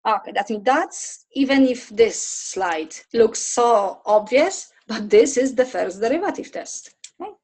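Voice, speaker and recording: Woman math lecturer, high husky voice, step-by-step, asks students questions. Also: lively intonation, a little slow, a little mellow, poor audio. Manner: talks through steps, asks students questions. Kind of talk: recorded lecture over slides.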